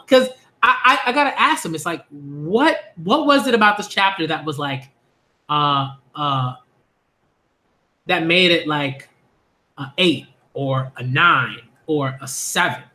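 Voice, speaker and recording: A man casually rambling on a manga reaction stream, full of fillers and repeats, breaking into high laughing bursts. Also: pushed and bright, roomy sound.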